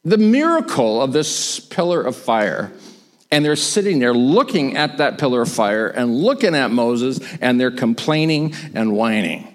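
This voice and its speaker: A man preaching a sermon, retelling a story and acting out the voices of the people in it. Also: measured pace. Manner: animated, acts out quoted voices with big pitch swings.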